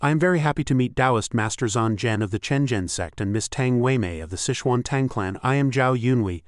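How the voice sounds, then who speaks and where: A man voicing a cunning young male martial artist who speaks calmly and confidently. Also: medium pitch, brisk, no room sound, clean studio sound, lightly acted. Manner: calm, confident.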